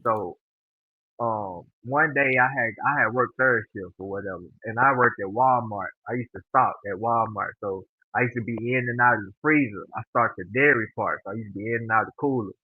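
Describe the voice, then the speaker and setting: A man's voice: on the low side, fairly quick, husky, no echo. A man guest telling a long story in casual slang, acting out the voices of the people he quotes. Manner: animated, acts out quoted dialogue; relaxed informal slang. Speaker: podcast guest. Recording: dry, phone-like narrow sound.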